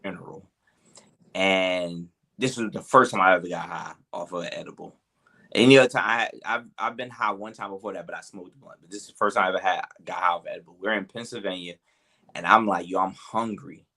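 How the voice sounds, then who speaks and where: A man's voice: low voice, brisk, bright, forceful tone. A man co-hosting a podcast, telling a story in loose, rambling casual chat. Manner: laid-back, loose and rambling, with fillers. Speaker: podcast co-host.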